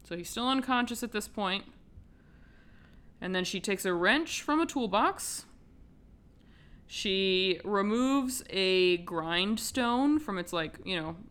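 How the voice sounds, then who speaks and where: A woman's voice: medium pitch, fairly bright tone, smooth. A woman hosting a podcast, casually retelling a film's plot with lots of swearing and filler words. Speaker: podcast host. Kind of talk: casual film recap.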